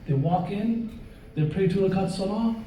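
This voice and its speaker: A man preaching to a live audience in a big hall, his voice high and mellow. It rings with heavy echo and sits some way from the microphone. He tells stories and keeps drawing the listeners in with questions and jokes. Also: moderate pace, a little hiss or hum. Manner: lively storyteller who questions and jokes with the audience. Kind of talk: live sermon with storytelling. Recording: very roomy echo, voice far from the mic.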